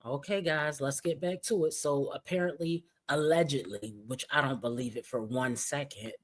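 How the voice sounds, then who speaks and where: A commentary host who talks in a blunt, mocking way, full of sarcasm and profanity. The voice sits at an ordinary middle pitch. The delivery is casual, with pointed asides to the viewers. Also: moderate pace.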